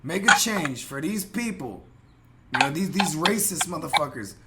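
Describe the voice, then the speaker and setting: A man's voice: on the high side, animated, moderate pace, very noisy. A man from San Jose hosting a casual podcast chat, talking in a rambling, profane, heated way with many fillers and restarts. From San Jose, California. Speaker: podcast host.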